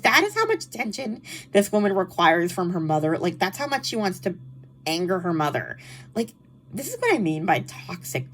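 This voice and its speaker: A woman with a nasal, allergy-stuffed voice chatting casually about books she read, full of "like" and exasperated asides. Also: fairly low pitch. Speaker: book vlogger. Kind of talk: casual book wrap-up chat.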